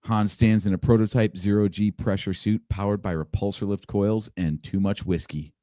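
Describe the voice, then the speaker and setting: A man's voice: lowish voice, fairly even intonation, normal speed, dark tone, no echo, studio quality. A man co-hosting a podcast, reading a script aloud as grand, theatrical narration. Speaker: podcast co-host.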